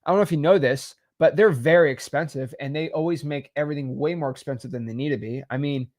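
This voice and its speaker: A man casually teaching real estate wholesaling while sketching, animated and salesy. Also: fairly high pitch, fast. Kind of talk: casual whiteboard explainer.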